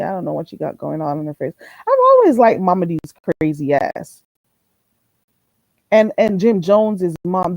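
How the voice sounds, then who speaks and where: A woman hosting a casual livestream, chatting and telling stories in an animated, gossipy way and reading viewer comments. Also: a little high, no room sound, low-quality recording. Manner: animated gossipy storytelling, quick laughs. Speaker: livestream host.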